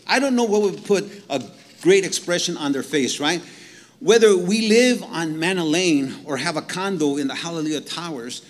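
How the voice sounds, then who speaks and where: A man preaching a sermon as pastor, animated and direct, reading scripture slowly and checking in with the congregation. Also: a little high, long reverb tail. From Mexican heritage. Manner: animated preaching, reads scripture slowly, asks "right?" to the crowd.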